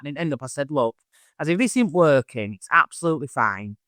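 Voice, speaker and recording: A man, a medium being interviewed, telling stories in a chatty, animated way. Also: on the high side, fairly quick, clear, resonant tone, dry recording, clean studio sound. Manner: chatty, animated, acts out voices in anecdotes. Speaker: medium, podcast host as guest. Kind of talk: casual interview storytelling.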